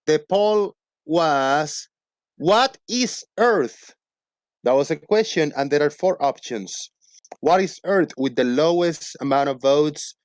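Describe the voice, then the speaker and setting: An upbeat male host reads out poll results with playful emphasis. His voice sits a little high for a man. The sound is dry and close, with no room around it. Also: no room sound. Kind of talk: casual live-stream hosting.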